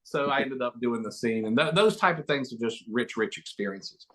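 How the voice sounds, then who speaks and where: Man, middle-aged, interview guest, fast-talking, joking, video call. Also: medium pitch, a bit bright. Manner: fast, name-dropping, joking. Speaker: guest actor and auctioneer. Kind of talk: animated interview storytelling.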